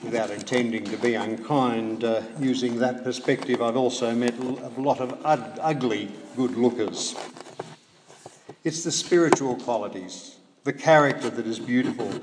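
Measured male preacher, echoey hall. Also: mid-range voice. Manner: measured, with rhetorical questions and dry humorous asides. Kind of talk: sermon. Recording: echoey hall, faint background noise.

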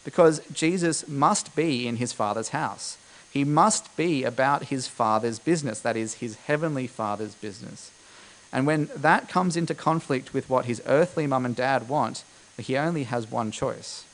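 A man's voice: medium pitch, normal speed, low-quality recording. Male preacher, mid-range voice, chatty sermon delivery with lots of fillers. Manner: conversational, explanatory, with frequent fillers.

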